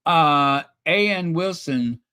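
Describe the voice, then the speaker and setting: A man's voice: a little high, expressive, slow, sharp tone, clear, resonant tone. A man hosting a live stream, reading royal news reports and viewer comments, then adding sarcastic, chatty asides with fillers. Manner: chatty, with fillers and self-corrections. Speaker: YouTube royal news host.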